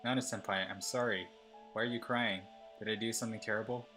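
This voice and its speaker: A man voicing a clingy, obsessive schoolgirl stalker as he reads her text messages aloud in a plain, even voice. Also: lowish voice, fast, faint music behind.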